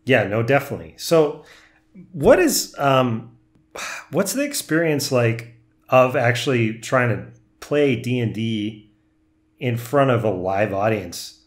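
A man's voice: mid-range voice, lively intonation, takes it slowly. Man interviewing, casual and chatty. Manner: friendly, with short reactions and rambling questions. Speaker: host, interviewer.

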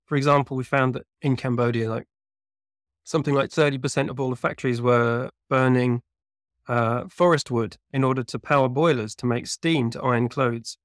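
A male guest researcher speaks at length in an interview, thoughtful and conversational, hedging often in small ways. His voice is medium-pitched and steady at a normal speed, captured with studio quality and no echo.

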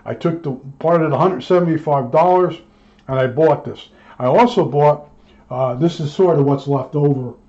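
An electronics technician tells a casual, rambling story about his work, acting out both sides of old arguments. His voice is a touch high for a man, mellow, and moves at a moderate pace. The recording sounds dull and lo-fi.

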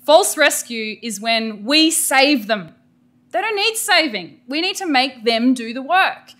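A middle-aged Australian woman gives an energetic, emphatic professional development lecture to teachers. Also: sits high, measured pace. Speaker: teacher educator presenting a workshop.

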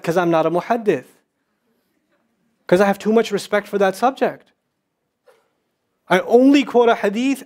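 High-voiced man giving a fervent lecture. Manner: impassioned, rising to scolding; quick, emphatic repetitions. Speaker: Islamic speaker. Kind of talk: lecture to an audience.

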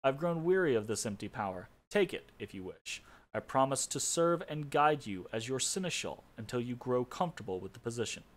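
A man's voice: fairly high pitch, normal speed. A man reading aloud the lines of a weary, indifferent male god of the dead in a game's storybook tale. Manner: calm, resigned.

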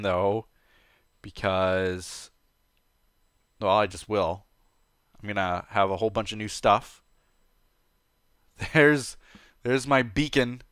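A chatty man talks through a video game in an easygoing let's-play style. His voice sits a little low, and he sounds playful, eager and quick to get excited. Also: smooth, no echo, studio quality. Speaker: gameplay commentator. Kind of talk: casual let's-play commentary.

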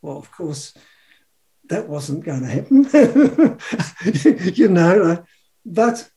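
A man's voice: high voice, big pitch swings, extremely slow, warm tone. A New man in his seventies telling a personal story in a rambling, chuckling way, acting out the quotes. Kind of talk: casual storytelling.

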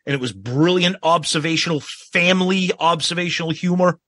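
A man's voice: fairly high pitch, a little fast, no echo, clean studio sound. A man in his fifties from the Boston area, co-hosting a casual podcast and giving blunt, opinionated takes. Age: 50s. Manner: opinionated, animated, frequent restarts. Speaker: podcast co-host.

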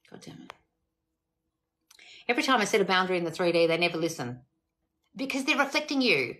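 A woman's voice: lowish voice, big pitch swings, racing, fairly bright tone. A woman, a manifestation coach answering questions on a live stream, blunt and exasperated, swearing often.

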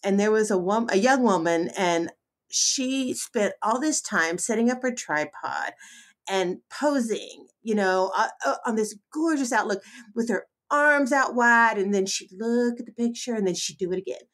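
A woman's voice: a little high, animated, normal speed, fairly bright tone. A middle-aged woman hosting a podcast, talking in an emphatic, heartfelt way with many restarts. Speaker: podcast host. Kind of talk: casual podcast interview.

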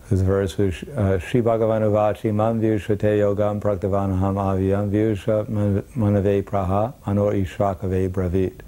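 A man's voice: fairly low pitch, warm tone. A man telling a remembered anecdote, acting out the people in it as he goes. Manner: acts out the quoted voices in his story. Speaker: devotee recalling memories. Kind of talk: anecdotal storytelling.

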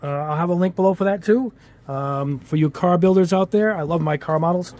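This hobby model-kit YouTuber has a high-pitched, darkish voice and a brisk delivery. Sitting at his bench, he gives a rambling, casual product review with many fillers and chatty asides, and his New England accent has an Italian-American tinge.

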